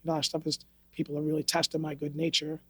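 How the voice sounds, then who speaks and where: A man's voice: fairly high pitch, monotone, fast, sharp tone, breathy edge, dry recording. A man from New York, a martial arts instructor, telling stories on a podcast in a blunt, profane, streetwise way. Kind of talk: casual interview storytelling. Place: podcast studio.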